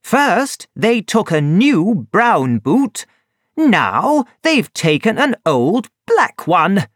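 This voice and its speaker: A man voicing an agitated young aristocratic heir in a storybook reading, loud and indignant. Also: high-pitched, very animated, slow pace, no echo, clean studio sound, voice pushed up, exaggerated voice.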